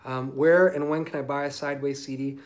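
Relaxed man chatting on a livestream. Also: medium pitch, fairly quick. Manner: relaxed, rambling, with many ums and asides. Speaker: singer-songwriter hosting a livestream. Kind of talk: casual livestream chat reading comments. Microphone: phone mic.

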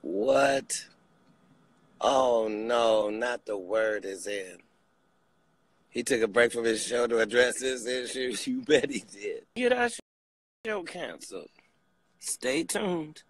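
A man comedian delivering a comic rant, swinging between loud bursts and low asides with preacher-like repeated appeals. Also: steady tone, takes it slowly, long pauses, dry recording.

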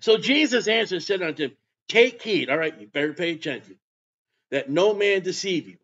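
Emphatic high-voiced male preacher, husky. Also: animated, brisk. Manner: emphatic, rising to loud bursts. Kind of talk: sermon. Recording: dull lo-fi sound.

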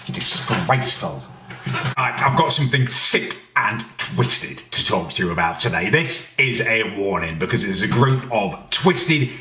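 A man's voice: lowish voice, recorded from a distance. Indignant British man ranting. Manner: exasperated, swearing, shouting in indignation. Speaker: comedy ranter. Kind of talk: comedic rant. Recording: roomy, a bit off mic.

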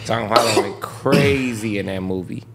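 A man's voice: fairly low pitch, normal speed, very noisy. A man co-hosting a podcast, giving opinionated, joking, profane takes in casual banter. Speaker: podcast co-host.

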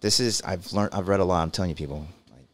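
A man's voice: sits low, fast, a little hiss or hum. A man hosting a podcast as a doctor, explaining things in a loose, rambling way full of restarts. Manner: rambling, with many fillers and restarts. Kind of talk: casual conversational interview.

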